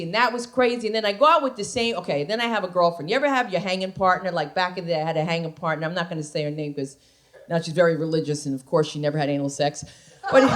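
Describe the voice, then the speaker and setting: A woman performing a stand-up comedy set, telling wild stories with shrieks and frequent asides to the audience. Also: mid-range voice. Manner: animated storytelling with shrieks and asides to the crowd. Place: comedy club stage.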